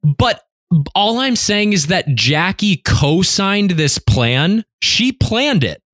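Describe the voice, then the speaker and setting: Slow-talking casual male podcaster. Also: sits high, very animated, a bit bright, dry recording, studio quality. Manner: casual, unhurried, swears. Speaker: podcast co-host. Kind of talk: casual book discussion chat.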